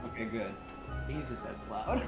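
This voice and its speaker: A man's voice: medium pitch, sing-song, normal speed, faint music behind. A man chatting casually as a guest on a game stream, hesitant and rambling, with lots of fillers. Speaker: guest co-player. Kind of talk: casual chat.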